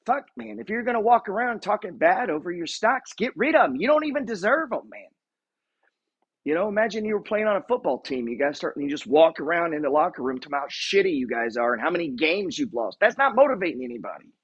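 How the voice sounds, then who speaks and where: Profane, husky-voiced man ranting. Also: high-pitched, animated, quick pace. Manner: blunt, profane, emphatic. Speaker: investor and real estate buyer. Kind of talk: motivational rant. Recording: dull lo-fi recording.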